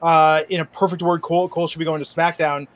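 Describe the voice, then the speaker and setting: A man hosting a casual wrestling podcast, talking in an opinionated, animated way with a dash of sarcasm. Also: a little high, fast. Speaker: podcast host.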